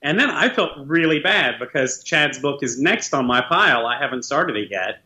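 Bright-voiced man, dry teasing co-host. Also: medium pitch, animated, moderate pace. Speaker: podcast co-host. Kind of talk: casual podcast chat.

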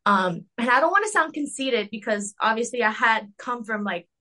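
Bright chatty young woman on a call. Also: lively intonation, normal speed. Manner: chatty, filler-heavy with lots of "like" and "um"; acts out quotes in a high mocking voice. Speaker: interview guest. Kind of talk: casual interview chat.

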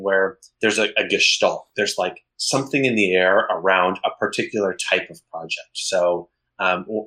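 A man co-hosting a podcast in a rambling, casual way, restarting his sentences as he thinks. His voice is fairly low but bright and forceful. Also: low-quality recording. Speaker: podcast co-host.

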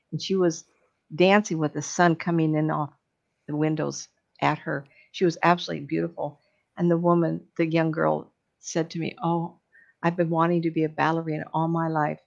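Older lady psychic, gravelly voice, rambly and earnest, lots of ums, muffled lo-fi audio. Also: deep voice. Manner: earnest, rambling storyteller with frequent ums and restarts. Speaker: psychic medium. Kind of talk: casual reflective monologue. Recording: dull lo-fi recording.

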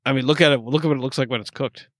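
A man's voice: medium pitch, fairly even intonation, racing, fairly bright tone, no room sound, clean studio sound. A man in his forties from upstate New York, co-hosting a casual chat and rambling with trailing asides. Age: 40s. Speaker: podcast co-host. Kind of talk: casual chat tasting beer.

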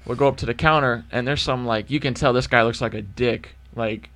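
Young man, bright forceful tone, mid pitch, animated, profane, casual storytelling. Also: brisk. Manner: animated, profane, acts out both sides of dialogue. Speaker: podcast co-host.

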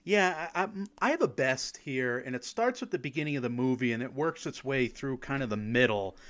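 Man, mid pitch, laid-back laughing podcast chat, self-deprecating. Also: expressive, fairly quick, a bit bright. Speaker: podcast co-host.

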